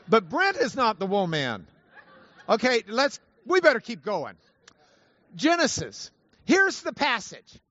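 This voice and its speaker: Man, Bible teacher, high voice, very animated pitch, playful, unhurried. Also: muffled recording. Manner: animated, playful, spells out Hebrew words slowly. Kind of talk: lively teaching talk to an audience.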